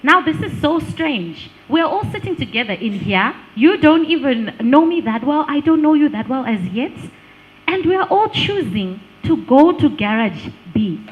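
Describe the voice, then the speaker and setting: A woman gives an engaging live workshop talk, her voice riding fairly high with a very animated, swooping pitch. She quizzes the room and laughs readily as she talks. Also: moderate pace, narrow, tinny audio. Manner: lively, engaging, asks the room questions, laughs often. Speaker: speaker on digital branding.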